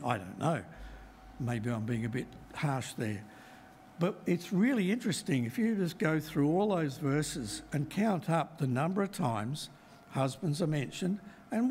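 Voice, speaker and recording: A middle-aged man giving a Bible talk to a congregation, measured and emphatic as he works through verses. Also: a little high, slight background noise. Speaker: lay preacher.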